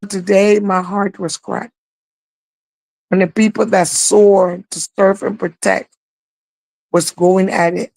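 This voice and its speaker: A woman's voice: mid-range voice, little pitch movement, slow pace, vocal fry, long pauses, a little mellow, dry recording, poor audio. A woman co-hosting a live online talk show, telling a story in an emotional, rambling way. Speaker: co-host.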